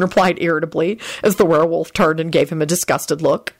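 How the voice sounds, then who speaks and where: A woman's voice: low voice, a little fast, hardly any pauses. A woman narrating a fan story aloud in an audiobook style.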